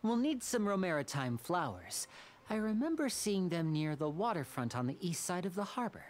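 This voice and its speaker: A woman voicing a charming young male stage magician in a video game, smooth, teasing and gently persuasive. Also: on the low side, big pitch swings, normal speed, a little hiss or hum.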